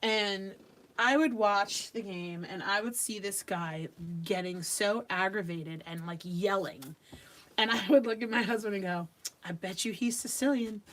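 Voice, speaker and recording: A woman's voice: mid-range voice, measured pace, fairly bright tone, slight background noise. A middle-aged woman from Long Island hosting a live craft stream. She chats casually, laughs often, and talks while she works. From Long Island, New York.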